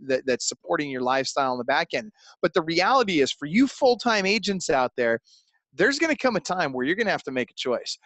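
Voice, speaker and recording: A man's voice: a little high, fairly bright tone, dry recording. A man coaching real estate agents in a webinar interview, emphatic and persuasive, with frequent restarts.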